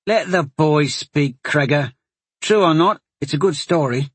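A man voicing a hearty, teasing woman soldier in a fantasy audiobook, his voice raised and lively. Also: a little high, measured pace, slightly rough, dry recording, voice pushed up. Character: gruff friendly woman soldier.

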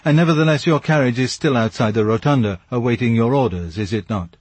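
Smug police commissary with a husky voice and brisk, pointed questions, read by a man. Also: mid-range voice, a little mellow, no room sound, natural voice. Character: smug self-satisfied male police commissary.

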